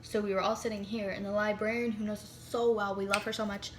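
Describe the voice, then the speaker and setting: Talking fast in a mid-range voice with little pitch movement, a teen vlogger records on her phone amid background noise. Her storytime is casual chat packed with "like" and dramatic whispered comments.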